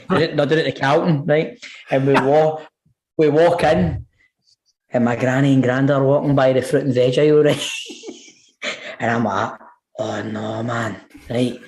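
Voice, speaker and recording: A man's voice: medium pitch, a little mellow. A middle-aged man with a Glaswegian accent telling a funny story on a podcast, swearing and laughing, with "right?" after every line. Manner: profane, laughing, tag questions "right? man". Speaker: podcast co-host. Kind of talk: casual storytelling chat.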